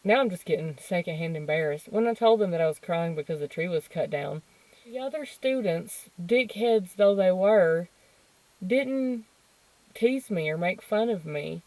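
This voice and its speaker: A woman's voice: on the low side, expressive, normal speed, darkish tone, no room sound, low-quality recording. A woman in her thirties hosting a podcast, telling personal stories in a candid, emotional way, laughing and swearing freely. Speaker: podcast host. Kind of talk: personal storytelling monologue.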